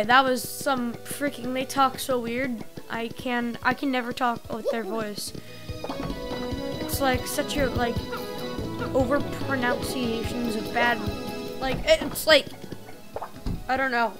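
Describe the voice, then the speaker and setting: A woman's voice: fairly high pitch, fairly even intonation, slow, a bit bright, soft background music. A woman commenting casually on a video game she is playing through, with giggly, self-mocking asides. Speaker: gamer doing character voices. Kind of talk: let's play commentary.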